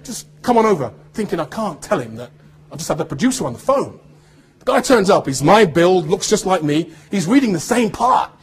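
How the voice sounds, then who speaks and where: Husky-voiced man telling a story. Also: high voice, brisk. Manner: animated, acts out quoted dialogue. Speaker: actor giving a talk to students. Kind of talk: anecdotal storytelling speech.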